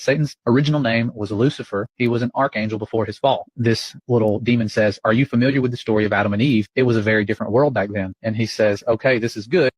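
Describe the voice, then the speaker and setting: Man, channel host, rapid delivery, earnest warnings, dry sound. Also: medium pitch, no room sound, poor audio. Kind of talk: reading aloud and commenting.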